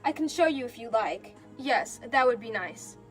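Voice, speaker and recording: A woman's voice: a little high, expressive, faint music behind, lightly acted. A woman voicing a sweetly scheming mother. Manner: falsely sympathetic, measured.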